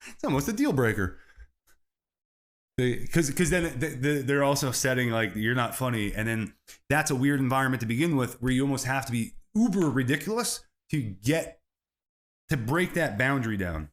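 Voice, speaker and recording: Male comedy podcast host, solo rambling monologue, animated swoops in pitch. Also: normal speed. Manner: rambling, swerving into bits, laughs at own jokes.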